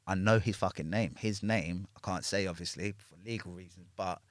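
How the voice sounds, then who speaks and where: A man's voice: low-pitched, normal speed, no echo, studio quality. A man with a London accent, telling a story as a podcast guest in casual, profane chat, checking in with "yeah?" after each point. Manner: swears freely, ends lines with a questioning "yeah?".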